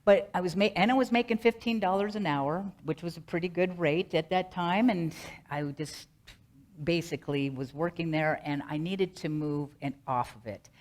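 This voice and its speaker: Low-voiced woman minister preaching. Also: a little mellow. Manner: earnest, rhythmic, repeats mantras slowly. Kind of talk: sermon.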